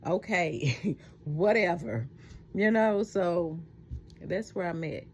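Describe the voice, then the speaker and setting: A middle-aged woman talking heartfelt and reflective in a personal vlog at home at night, halting often with fillers. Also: fairly low pitch, lively intonation, slightly rough. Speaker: vlogger.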